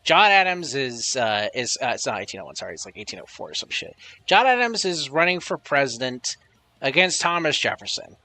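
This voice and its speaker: A man's voice: medium pitch, big pitch swings, fairly quick, pushed and bright. A man streaming live, chatting casually and rambling with lots of swearing while reading chat messages aloud.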